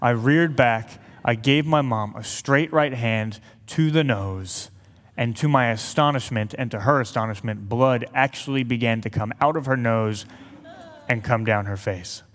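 A man's voice: medium pitch, measured pace, a bit bright. A man giving an earnest sermon to an audience, telling a personal story with light humorous asides. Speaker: speaker to an audience. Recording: long hall reverb.

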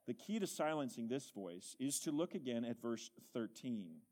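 A man's voice: medium pitch, sing-song, moderate pace, darkish tone. A man preaching a sermon, earnest and emphatic, building to exclamations.

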